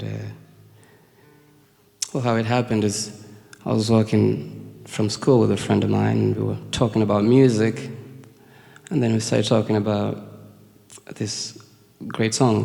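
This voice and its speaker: A man's voice: lowish voice, flat delivery, moderate pace, vocal fry, mellow. A nervous man from Kenya telling a story on stage at a concert venue, hesitant, with many fillers and chuckles. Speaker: singer-songwriter performing live. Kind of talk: storytelling between songs on stage. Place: concert venue before an audience. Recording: long reverb of a live venue.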